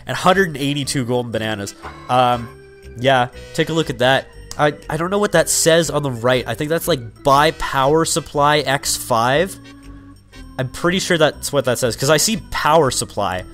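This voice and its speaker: A young man chatting loosely over his gameplay, drifting from topic to topic with plenty of 'like' and 'um'. His voice sits at an ordinary middle pitch. Soft game music plays faintly behind him. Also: normal speed. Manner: rambling, full of fillers and 'like'. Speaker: let's player. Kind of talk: casual gameplay commentary.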